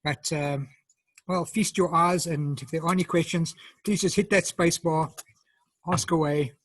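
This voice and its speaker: A man's voice: on the high side, fairly even intonation, measured pace, a bit bright, no room sound. A man with a South African accent chatting through a cooking demo on a video call, explaining each step and eating as he talks. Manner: chatty, explains step by step, eats while talking. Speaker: home cook presenting. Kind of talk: casual live cooking demo.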